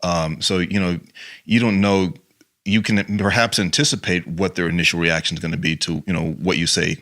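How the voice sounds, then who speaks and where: Deep-voiced man, rambling interview guest. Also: fairly even intonation, moderate pace, a bit bright. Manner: rambling, full of "you know" fillers. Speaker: guest, acting and improv teacher. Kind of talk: casual interview chat.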